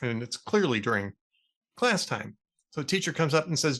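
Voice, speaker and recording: A middle-aged man hosting a talk show, telling long jokes in a relaxed, chatty way. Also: normal speed. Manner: lively storyteller, animated pitch. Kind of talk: casual joke-telling chat.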